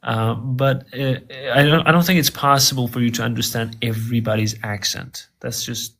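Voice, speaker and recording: Earnest male guest, mid-pitched, stumbles and restarts as he explains. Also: steady tone, normal speed, gravelly, fairly bright tone. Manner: earnest, repeats words while thinking. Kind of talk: interview answers.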